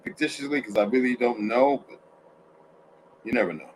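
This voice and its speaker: A man's voice: mid-range voice, animated, moderate pace, a little hiss or hum, low-quality recording. A man hosting a casual livestream from home, tired and yawning, talking in a rambling way with many restarts and asides to chat. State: sleepy, yawning. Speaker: livestream host.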